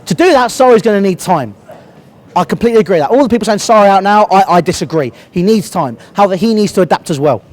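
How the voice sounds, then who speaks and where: A young man with a British accent and a cold gives a fiery, profanity-laden rant to camera as a football fan reviewer, blunt and passionate throughout. His voice is high with a darkish tone and cracks due to the cold.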